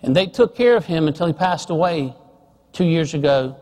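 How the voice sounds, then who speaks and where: A middle-aged man preaching a sermon, telling a family story and dropping soft and slow on serious points. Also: fairly high pitch, lively intonation, long reverb tail.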